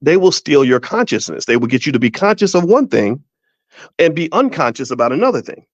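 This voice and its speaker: Middle-aged male host, animated storyteller, folksy restarts, slightly high voice, dry dull lo-fi sound. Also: fairly quick, no echo. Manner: folksy, repeats himself and restarts often. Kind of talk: casual commentary monologue.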